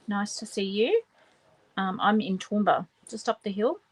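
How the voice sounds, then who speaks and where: A woman's voice: medium pitch, lively intonation, moderate pace, a little hiss or hum, rough recording. A woman hosting a papercraft livestream, muttering to herself as she works and chatting with viewers. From Australia. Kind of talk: casual crafting livestream chat.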